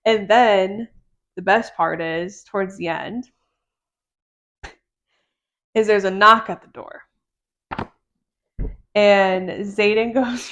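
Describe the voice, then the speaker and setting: A woman's voice: mid-range voice, takes it slowly, pauses often, fairly bright tone. A woman co-hosting a podcast, chatting casually about a book and retelling scenes in quoted dialogue. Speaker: podcast co-host.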